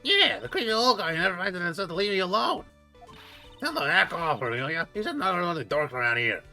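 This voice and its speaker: A woman's voice: on the low side, big pitch swings, fast, pushed and bright, faint music behind, heavily acted. A woman doing a rude, brash ventriloquist puppet. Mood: grumbling. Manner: brash, insulting, swaggering. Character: rude foul-mouthed male ventriloquist puppet. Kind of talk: voicing game characters on a stream.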